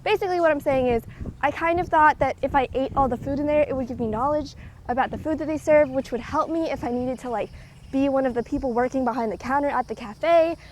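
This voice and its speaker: Walking outdoors and a little short of breath, a young vlogger rambles chattily with plenty of fillers. Her high voice is fast yet slightly mellow, and the low-quality recording from a handheld device with a clip mic carries faint background noise.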